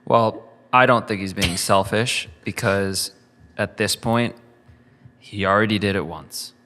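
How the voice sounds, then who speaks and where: A man's voice: lowish voice, a little slow, pushed and bright, a little hiss or hum. A man co-hosting a podcast, talking casually and restarting his sentences mid-thought. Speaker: podcast co-host. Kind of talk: casual chat. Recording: long hall reverb.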